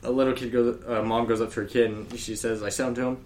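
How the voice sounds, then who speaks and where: This young podcast co-host talks fast in a mid-range, slightly mellow voice with little pitch movement, and there's a bit of hiss or hum. He chats casually in a laid-back, slangy way and laughs often.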